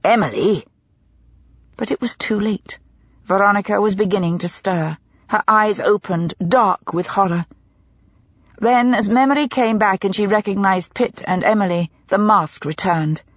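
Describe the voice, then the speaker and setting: A woman narrating a mystery audiobook in a dramatic, expressive storytelling manner. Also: medium pitch, normal speed, dry recording, muffled recording. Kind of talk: scripted narration.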